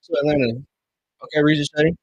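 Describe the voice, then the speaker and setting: A young man streaming a basketball watch-along, chatting casually in slang and breaking into loud yelling over referee calls. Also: fairly high pitch, fast talker, husky, no room sound, dull audio. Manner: excitable fan commentary, bursts into loud yelling at calls; casual slang, calls listeners bro and dog. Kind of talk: live game watch-along commentary.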